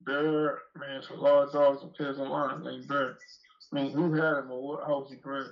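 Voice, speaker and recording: A man as an interview guest, telling long, rambling, profane stories in rough street talk. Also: mid-range voice, little pitch movement, moderate pace, crowd noise. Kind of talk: casual storytelling interview. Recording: dull lo-fi audio.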